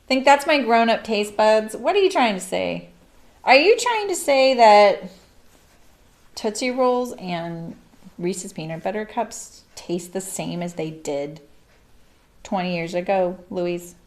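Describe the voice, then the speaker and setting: A woman's voice: medium pitch, animated, slow. A middle-aged woman hosting a live sewing stream, chatting casually and laughing often as she works. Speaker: sewing livestream host.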